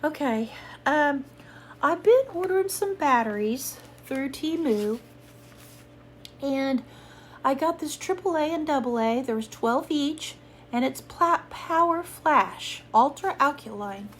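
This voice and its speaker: High-voiced sick woman, hoarse and coughing. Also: lively intonation, takes it slowly, a little hiss or hum. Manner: rambling, chatty, apologetic. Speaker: haul vlogger. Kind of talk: casual chat to viewers. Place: at home, sitting.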